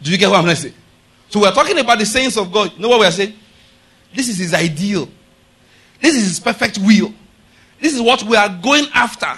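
A man's voice: high voice, animated, fairly quick, sharp tone, husky. A man preaching a sermon, emphatic and direct, often asking his listeners rhetorical questions.

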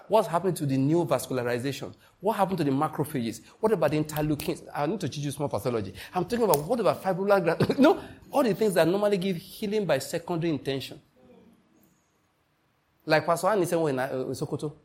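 A man's voice: on the high side, darkish tone, slightly rough. A man preaching a sermon as pastor, stressing points and asking the congregation questions. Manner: emphatic preaching with call-and-response questions.

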